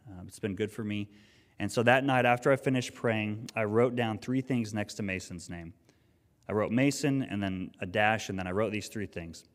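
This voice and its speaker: A man preaching a sermon, telling a personal story in an earnest, conversational way with frequent restarts. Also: lowish voice. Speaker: pastor. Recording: long reverb of a hall.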